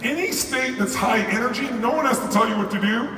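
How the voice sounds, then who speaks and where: A man's voice: extremely high pitch, a little fast, sharp tone. An older man giving a live motivational keynote, emphatic and profane, firing questions at the audience. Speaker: motivational speaker. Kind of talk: live stage keynote to a crowd. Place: large arena. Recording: echoey arena sound from far off.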